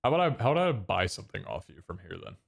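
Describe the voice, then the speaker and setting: A man's voice: sits low, sing-song, rapid-fire, gravelly, slightly rough. A man chatting with a streamer over voice chat while they play, joking and bantering. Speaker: fellow player on voice chat. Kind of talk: casual gaming chat.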